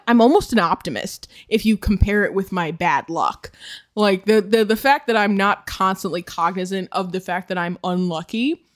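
A woman co-hosting a podcast, chatting casually with wry, amused remarks. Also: mid-range voice. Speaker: podcast co-host.

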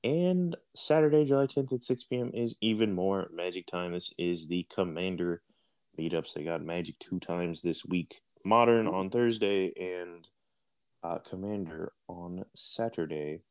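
A man's voice: low-pitched, unhurried, a little mellow, clear, resonant tone. A man, co-hosting a radio show and reading a sponsor ad in a laid-back way. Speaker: radio co-host. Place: radio studio.

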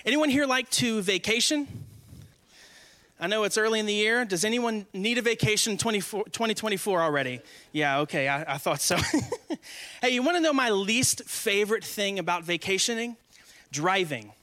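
Young male guest preacher, high and bright, joking with the congregation as he speaks. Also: animated, moderate pace. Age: 20s. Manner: joking, asks the congregation questions. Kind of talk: humorous conversational sermon. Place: church before a congregation.

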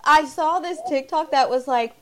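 A woman's voice: sits high, normal speed. A young woman co-hosting a podcast, chatting casually with a giggly, rambling, blunt way of talking. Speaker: podcast co-host. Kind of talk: casual chat.

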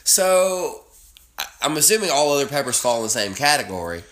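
Animated, foul-mouthed man joking around. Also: medium pitch, fairly quick. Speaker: podcast co-host. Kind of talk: casual chat. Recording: roomy echo.

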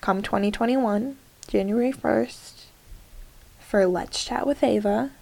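A woman's voice: on the high side, slow, creaky, a little mellow. A young woman hosting her solo podcast in casual chat, talking to her listeners and joking at herself with many fillers. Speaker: podcast host.

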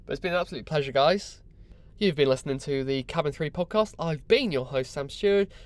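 A man hosting a solo podcast, chatty, excitable and self-mocking, recorded in a crew cabin on board a yacht. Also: on the high side, clean tone. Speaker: podcast host.

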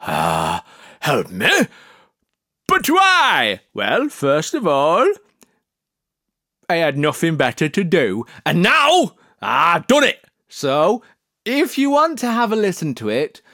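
A man's voice: on the high side, huge pitch swings, slow pace, pauses often, pushed and bright, no echo, studio quality. A man hosting a podcast in a comic, rambling monologue, playful and sarcastic in a mock-earnest way. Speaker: podcast host promoting an agency.

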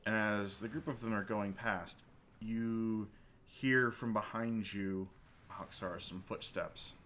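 A man's voice: on the low side, fairly even intonation, slow, a bit bright. A man running a tabletop fantasy game as game master, narrating in a loose, chatty way with fillers.

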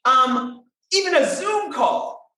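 A woman voice coach talks with expressive, emphatic energy, her pitch swooping all over. Her voice rings in a very echoey room. She keeps her delivery animated and conversational. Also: slow.

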